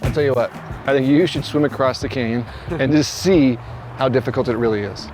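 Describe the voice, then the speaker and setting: A man co-hosting a travel show, joking and excitable as he hikes and climbs outdoors. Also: brisk, soft background music. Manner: joking, excitable, voice jumps high when climbing. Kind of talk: casual outdoor banter. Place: outdoors in a state park.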